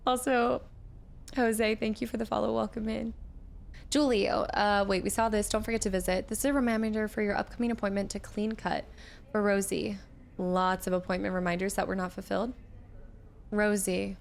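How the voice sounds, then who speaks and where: A woman streamer chatting through a game, thanking viewers and reacting loudly to the action. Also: mid-range voice, flat delivery, a little fast, vocal fry, slight background noise. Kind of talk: live gameplay commentary.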